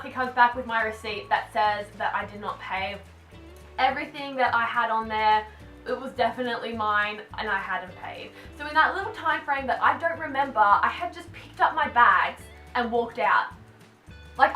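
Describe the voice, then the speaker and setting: A young Australian woman chats through a storytime vlog, her voice bright and a little high, peppered with "like." She sounds a bit far from the mic in an echoey room, with soft music underneath. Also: normal speed. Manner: chatty, animated, lots of "like" fillers. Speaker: vlogger.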